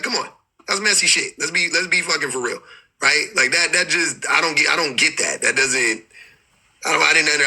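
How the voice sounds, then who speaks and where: Husky high-voiced man ranting on a livestream. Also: sharp tone, rough recording. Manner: rambling, profane, exasperated, many restarts. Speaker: livestream host. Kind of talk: casual livestream commentary.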